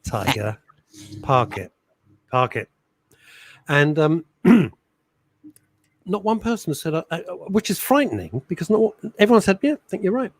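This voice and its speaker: A middle-aged man co-hosting a radio show, chatting and teasing his partner in a joking, animated way. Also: high voice, normal speed, dry recording. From England. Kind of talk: casual chat radio show.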